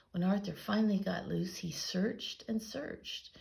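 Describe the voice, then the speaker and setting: A woman reading a children's picture book aloud in a gentle storytelling way. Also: medium pitch, measured pace, gravelly, hardly any pauses. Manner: gentle storytelling with lively dialogue voices. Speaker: reader.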